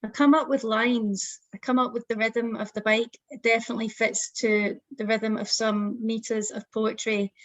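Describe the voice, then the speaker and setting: A woman's voice: a little high, flat delivery, moderate pace, hardly any pauses, dry recording, rough recording. A young adult woman poet, speaking as a guest in an online festival interview, thoughtful and a little hesitant.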